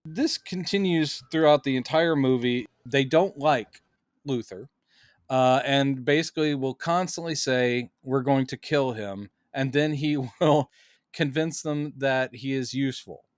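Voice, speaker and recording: A man's voice: mid-range voice, measured pace, dry recording, studio quality. A man co-hosting a podcast in casual chat, acting out quoted lines with animation. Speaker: podcast co-host.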